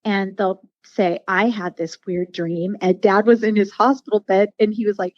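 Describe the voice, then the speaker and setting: A woman guest tells a personal story in a heartfelt, rambling way, circling back with fillers and restarts. Her voice sits at an ordinary middle pitch. The sound is dull and a bit muffled, and very dry. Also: steady tone, moderate pace, darkish tone, no echo. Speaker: podcast guest. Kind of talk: casual storytelling interview.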